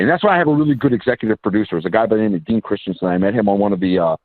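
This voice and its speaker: Animated male filmmaker over a tinny line. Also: on the low side, no echo. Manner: animated storyteller, quick asides and restarts. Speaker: independent filmmaker and actor, guest. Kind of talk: casual interview chat. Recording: tinny phone-line sound.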